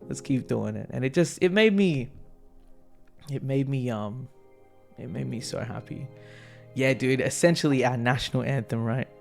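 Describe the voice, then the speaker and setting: Aussie male vlogger, gravelly voice, faint guitar music behind, casual and excitable, swears a lot. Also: mid-range voice, moderate pace, pauses often. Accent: Australian. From Australia. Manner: excitable, swears freely, laughs often. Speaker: vlog host. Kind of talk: casual concert recap.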